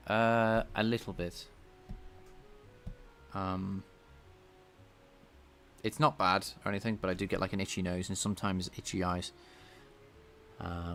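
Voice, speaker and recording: A man with a slightly nasal voice, thinking out loud as he codes live and talks to his chat. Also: sits low, gravelly. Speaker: game developer streaming his coding. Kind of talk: casual live-coding chat.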